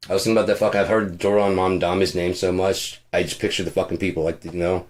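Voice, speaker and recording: Low-voiced man ranting, foul-mouthed and rambling. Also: little pitch movement, fast talker, hardly any pauses. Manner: swears constantly, rambling, sarcastic. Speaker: podcast host. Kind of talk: casual profane rant.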